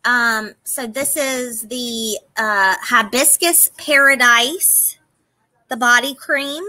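A woman with a Southern accent hosts a live-stream auction and chats as she lists the items in each lot. Her voice is high and bright. She talks at an easy, unhurried pace, and the recording sounds close and dry. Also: dry recording, poor audio. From Southern United States. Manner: chatty, laughing, reading out product names.

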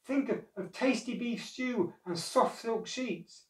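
A man's voice: very high-pitched, animated, normal speed, voice pushed up. A man reading a storybook, voicing a sly female cat who coaxes and wheedles. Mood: coaxing. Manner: coaxing and cunning. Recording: echoey room, far from mic.

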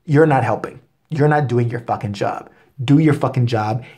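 A man with a husky, middle-pitched voice rants straight to his viewers, swearing all the way through. He tells his complaints as a heated story and keeps building up steam as he goes. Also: normal speed, darkish tone. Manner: angry, expletive-heavy storytelling. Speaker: vlogger. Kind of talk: profane comedic rant.

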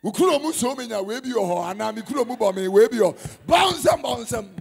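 A man with a Ghanaian accent preaching a conference sermon, mixing Twi and English and bursting into shouts. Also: sits high, lively intonation, fast talker, creaky, husky. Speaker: prophet. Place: conference hall.

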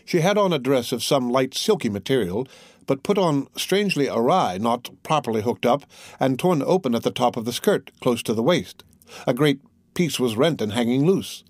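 A man narrating a classic novel audiobook in a steady, measured reading voice. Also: mid-range voice, no echo, clean studio sound.

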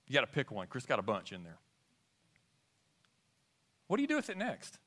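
A man's voice: mid-range voice, huge pitch swings, moderate pace, a bit bright. A man preaching a sermon in church, asking the congregation questions as he talks. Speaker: pastor. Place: church sanctuary.

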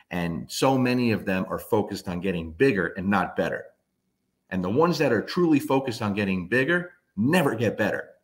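A man in his fifties, a dog trainer, telling a story in a blunt, emphatic way and swearing freely. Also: sits low. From New Jersey. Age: 50s. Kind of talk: casual storytelling monologue.

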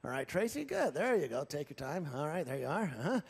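A man's voice: a little high, big pitch swings, brisk, vocal fry, husky. A man hosting a ventriloquist stage show, folksy and teasing as he coaxes audience volunteers. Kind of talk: live stage comedy banter. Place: large theatre stage with audience.

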